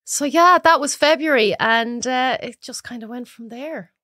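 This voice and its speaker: An Irish woman cook talking as a podcast guest, a chatty, animated storyteller who laughs often. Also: high-pitched, normal speed, no echo, studio quality. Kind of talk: casual chat.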